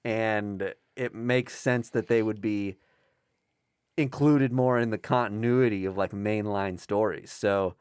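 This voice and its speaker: A man's voice: on the low side, slow, a little mellow, smooth, dry recording, clean studio sound. A man co-hosting a podcast, chatting casually and jokingly about comics, swearing now and then. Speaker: podcast co-host.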